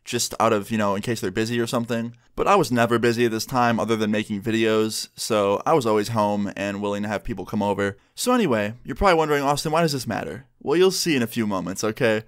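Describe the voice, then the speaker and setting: A man's voice: lowish voice, quick pace, hardly any pauses, smooth. A young man in his twenties, chatty and candid, casually swearing as he tells a storytime vlog. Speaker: vlogger.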